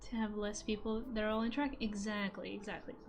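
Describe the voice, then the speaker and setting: A young European woman with a mid-range voice talks loosely with her live chat, laughing often and dropping the odd curse word. She speaks into a desk mic at home. Faint music plays low under her voice. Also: little pitch movement, brisk. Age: young adult. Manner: chatty, laughs often, swears casually, reads chat aloud. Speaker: streamer and voice actor. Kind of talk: casual chat stream. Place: home room. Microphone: microphone on a desk stand.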